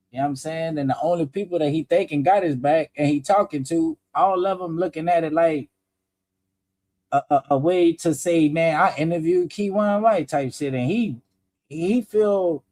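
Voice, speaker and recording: A man hosting a casual commentary show, talking in an animated, profane way that often rises to shouts. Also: on the high side, no echo. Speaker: host.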